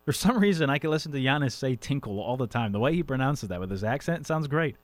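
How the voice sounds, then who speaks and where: Chatty sports radio host, dry studio sound. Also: male voice, mid-range voice, lively intonation, fast talker, dry recording. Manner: chatty, rambling, jokey asides. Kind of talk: casual sports talk monologue.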